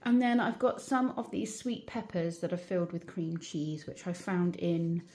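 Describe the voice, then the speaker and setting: A woman's voice: lowish voice, normal speed, warm tone. A woman with a British English accent chatting casually to camera at home, rambling a little with fillers, tired and yawning. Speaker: vlogger. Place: at home and in her garden.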